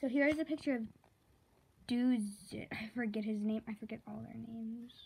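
A woman slowly reading a children's chapter book aloud, correcting herself and pausing to chat about the pictures. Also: a little high, vocal fry, a little mellow, slight background noise. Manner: slow, careful read-aloud with self-corrections; chatty asides about the pictures. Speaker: reader.

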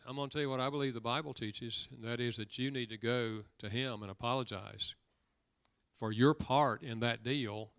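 An older man preaching as a guest, telling a story from the pulpit in a folksy manner and voicing each person's words with building emphasis. His tone is bright and crisp, and the sound is dry and close. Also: mid-range voice, dry recording. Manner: folksy storyteller, acts out dialogue with rising emphasis. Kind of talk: sermon with storytelling.

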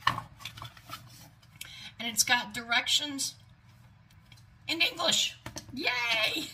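A woman's voice: fairly high pitch, sharp tone, slight background noise. A middle-aged woman unboxing gifts in a casual vlog, gushing, exclaiming often and dropping into whispered asides. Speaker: vlogger.

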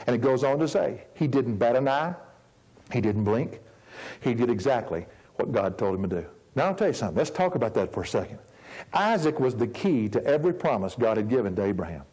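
A man in his fifties, a pastor preaching a sermon in an earnest, emphatic way, slowing down to stress key words. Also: medium pitch, a little mellow, low-quality recording. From United States. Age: 50s.

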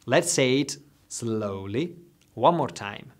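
A man teaching travel phrases, saying each one slowly and clearly so listeners can repeat after him. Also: medium pitch, sing-song. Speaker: language teacher. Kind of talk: slow instructional phrase drills.

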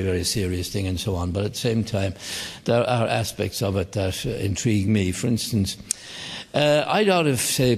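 A man's voice: on the low side, vocal fry, a little mellow, slightly rough. An older Irish man doing live stand-up comedy, telling wry rambling stories with dry asides. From Ireland. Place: theatre stage before a live audience. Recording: live theatre recording with long hall reverb.

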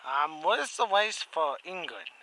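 A man's voice: a little high, sing-song, unhurried. A man voicing a lost, naive female racehorse who hesitates and says "um" a lot, in a noisy home recording. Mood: confused. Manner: hesitant, full of "um"s.

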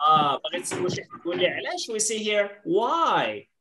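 A woman's voice: on the low side, big pitch swings, a loud crowd. Patient woman teaching English. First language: Arabic. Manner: patient, repeats words slowly, switches to Arabic to explain. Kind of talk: online class teaching. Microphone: video call.

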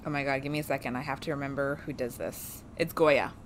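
A woman's voice: very deep voice, fairly even intonation, fast talker, slight background noise. A woman streaming a game playthrough, chatting casually, laughing often and swearing freely. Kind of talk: casual let's-play commentary.

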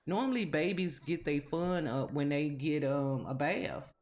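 A woman commentates her gameplay in a relaxed, conversational way. She talks straight at the characters, nagging and teasing them as she goes. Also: deep voice, measured pace. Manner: chatty, scolding the game characters. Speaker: gaming video host. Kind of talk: casual game commentary.

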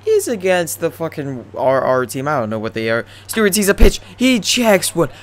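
A man's voice: a little high, normal speed. Profane young man joking over gameplay. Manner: profane, rambling, deadpan jokes. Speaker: gaming commentator. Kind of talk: joking video game commentary.

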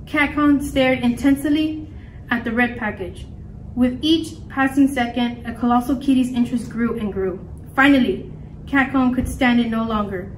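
Woman reading kids' storybook, high voice, faint background noise. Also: normal speed. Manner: lively expressive reading. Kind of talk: reading a picture book aloud. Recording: echoey room, mic far off, faint noise.

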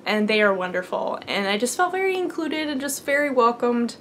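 A woman's voice: on the high side, big pitch swings, fairly quick, a bit bright, slight background noise. A young adult woman hosting a knitting podcast, telling a long personal story in a rambly, earnest way with many fillers. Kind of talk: casual storytelling.

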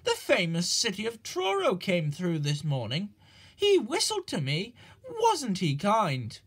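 A man voicing a kindly, cheerful old male engine in a storybook reading, gentle and soothing. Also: high voice, huge pitch swings, normal speed, gravelly, husky, exaggerated voice. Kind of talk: storybook character voice.

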